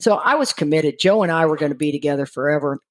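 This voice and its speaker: A middle-aged woman from Texas, a recovery speaker telling her own story in a lively way and often laughing. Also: fast talker. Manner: lively, acts out quoted voices with jumps in pitch, laughs often. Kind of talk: storytelling talk.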